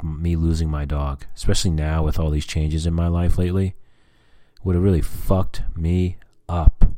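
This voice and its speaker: A deep-voiced man rambles through a casual personal vlog, dropping fillers and curse words as he catches up with his viewers. His tone is dark and mellow, and the recording is dry and close. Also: no room sound. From US Southwest. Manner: rambling, frequent fillers and cursing. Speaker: vlogger.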